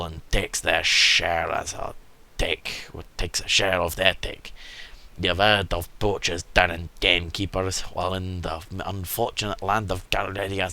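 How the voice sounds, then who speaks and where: A crafty, long-winded town merchant from a medieval game, spoken in a put-on Scottish accent by a man reading his lines aloud. His low voice carries a bright, tense edge, and he lays out his schemes in a hushed, conspiratorial way. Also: full character voice. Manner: wordy, conspiratorial storytelling.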